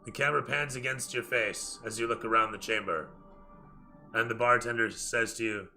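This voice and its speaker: A man's voice: medium pitch, steady tone, moderate pace, sharp tone, soft background music. A man narrating a tabletop role-playing game as dungeon master, describing scenes cinematically to his players.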